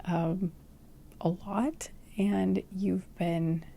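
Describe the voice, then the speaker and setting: Brief: tired, hoarse woman tarot reader, low-key and gravelly, kept hushed, often dropping to a whisper. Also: flat delivery, very slow. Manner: speaks very quietly, often slipping into a whisper. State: hoarse, voice nearly gone. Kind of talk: casual pick-a-card tarot reading. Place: dark room indoors.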